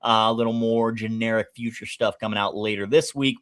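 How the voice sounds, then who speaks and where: A man's voice: medium pitch, fairly quick, hardly any pauses, a bit bright. A man hosting a sports betting show, chatty and upbeat as he runs through picks for viewers. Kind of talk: casual sports betting talk.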